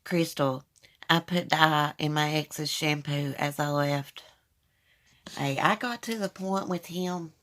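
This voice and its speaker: Speaking slowly in a deep, slightly bright voice, a woman hosts a casual phone livestream. She candidly tells her viewers, whom she calls y'all, about her personal life.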